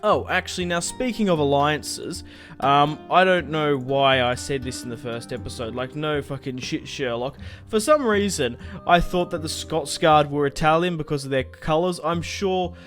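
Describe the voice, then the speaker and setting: A man's voice: a little high, normal speed, a bit bright, soft background music. Chatty young man gaming. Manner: chatty and rambling, swears casually, laughs at himself. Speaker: gaming YouTuber. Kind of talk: casual gameplay commentary.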